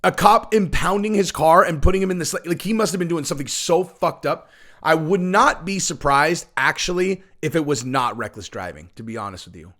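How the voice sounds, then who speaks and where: A man's voice: on the high side, lively intonation, brisk, fairly bright tone. A middle-aged man giving casual ranting commentary on fighting sports, brash and profane, rambling with lots of fillers. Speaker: MMA commentator, channel host.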